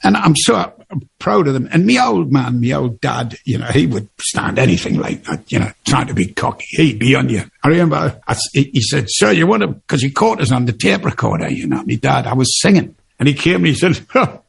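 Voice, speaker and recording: A man's voice: mid-range voice, big pitch swings, a little fast, vocal fry, husky. A man in his seventies with a Geordie accent, telling stories in a chatty, rambling way and laughing often during an interview. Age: 70s. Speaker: interview guest, singer. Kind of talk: casual interview storytelling.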